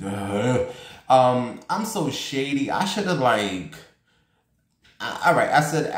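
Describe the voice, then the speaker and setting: A man chatting casually to his viewers, rambling fast and excitedly with blunt, profane humor. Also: medium pitch, reverberant. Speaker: vlogger.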